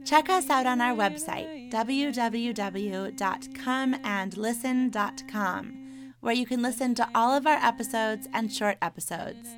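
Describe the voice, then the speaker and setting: A woman co-hosting a podcast, reading scripted documentary narration in a measured, informative way. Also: a little high. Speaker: podcast co-host.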